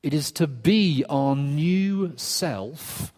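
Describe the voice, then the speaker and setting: A man preaching a sermon in a conversational, earnest way, with quick asides and restarts. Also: fairly high pitch, expressive, a little mellow. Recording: long reverb of a church hall.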